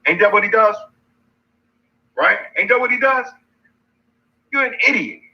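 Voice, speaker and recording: Man ranting on his stream, high voice, bouncy pitch, muffled lo-fi audio, mocking and taunting. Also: lively intonation, measured pace. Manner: mocking, challenging, repeats insults. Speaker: livestream host. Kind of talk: taunting livestream rant.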